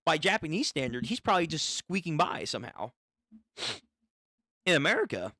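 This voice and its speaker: A man's voice: a little high, sing-song, moderate pace, long pauses, sharp tone, dry recording, clean studio sound. A man casually reading a manga aloud for his channel, joking and reacting between the panels. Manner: chatty, joking reactions, repeats words. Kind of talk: casual read-through with commentary.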